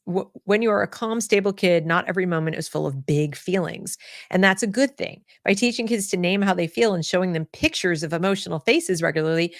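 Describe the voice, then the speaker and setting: A woman hosts her own commentary show and gives her opinions bluntly. Her voice sits at an ordinary middle pitch. She often repeats words and restarts her sentences, and the sound is dry and close. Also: no room sound. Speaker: host.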